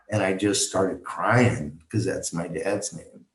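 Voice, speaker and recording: Male podcast guest, low and unhurried, halting personal storytelling, roomy echo. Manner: slow, halting retelling with restarts and quoted dialogue.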